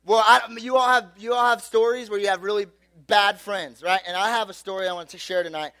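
Animated male storyteller with a high voice, loose and filler-heavy, acting out the people he quotes in a sermon. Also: fairly quick, dry recording.

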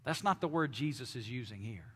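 A man preaching a sermon to his congregation, dropping to hushed tones and rising to loud, forceful peaks. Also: medium pitch, expressive, a little fast, slightly rough, big-room sound. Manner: dynamic preaching, drops to hushed tones then swells loud. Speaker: pastor. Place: church sanctuary.

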